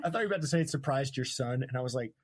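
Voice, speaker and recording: A man hosts a podcast, retelling a book in casual, chatty fashion. He jokes constantly, laughs at his own asides, and lets sentences trail off mid-thought. His voice sits at an ordinary middle pitch for a man. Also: racing, over a noisy crowd. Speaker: podcast host.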